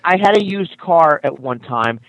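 A man co-hosts a casual radio talk show and tells his story earnestly. He stumbles, restarts and repeats words as he goes. His voice sits a little high. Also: expressive, normal speed, a bit bright, no room sound, low-quality recording. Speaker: radio co-host. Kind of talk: casual call-in radio chat.

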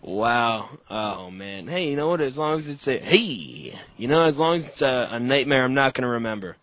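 A man's voice: mid-range voice, animated, a little fast, a bit bright. A man hosting a podcast, chatting casually with a lot of swearing and laughter. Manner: profane, rambling, laughing often. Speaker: podcast host. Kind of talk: casual chat. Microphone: call-in setup with echo.

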